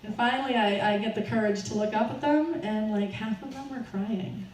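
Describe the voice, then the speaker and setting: A woman's voice: fairly high pitch, normal speed. A woman telling a personal story to a live audience at a fundraiser, nervous and often laughing. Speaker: speaker at a fundraiser. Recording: roomy, distant, faint background noise.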